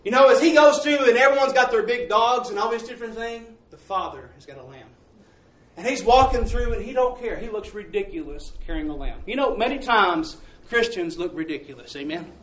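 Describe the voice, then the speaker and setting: High-voiced preacher in a roomy hall. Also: male voice, expressive, a little fast, fairly bright tone. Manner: vivid storytelling with call-and-response. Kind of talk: sermon. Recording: roomy, from a distance.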